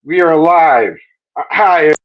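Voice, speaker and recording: A man with a fairly high, expressive voice speaks slowly while hosting a live-stream interview over video call. He's chatty, joking and rambling, often correcting himself, and the dull lo-fi stream audio carries a little hiss or hum.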